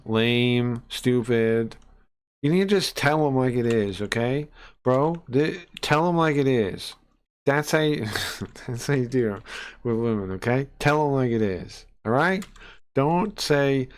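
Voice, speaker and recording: A man's voice: medium pitch, takes it slowly, clean tone. A young man streaming casual reaction commentary, brash and mocking, swearing freely and tripping over restarts and fillers.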